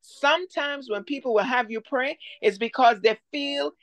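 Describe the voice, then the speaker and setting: A woman's voice: high voice, moderate pace, fairly bright tone, no echo. A middle-aged woman teaching at a Bible study, speaking earnestly on a video call. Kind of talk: casual Bible study discussion.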